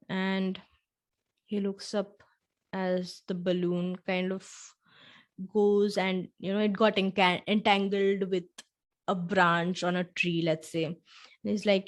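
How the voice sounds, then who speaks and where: A woman hosting a podcast, talking the listener through a scenario in the second person with soft asides, and slowing down on key points. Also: medium pitch, level tone. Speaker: podcast host. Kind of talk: reflective storytelling podcast.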